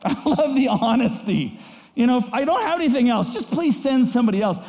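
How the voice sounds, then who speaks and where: Pastor guy preaching, chatty and animated, high mellow voice, long echo like a big church. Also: brisk, creaky. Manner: animated and conversational, acts out voices in quotes. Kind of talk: sermon.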